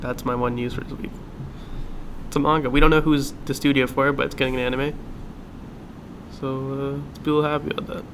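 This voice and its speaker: Laid-back young man with gravelly voice. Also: medium pitch, flat delivery, quick pace, long pauses, background noise. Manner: laid-back, rambling recommendations. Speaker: podcast co-host. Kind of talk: casual chat.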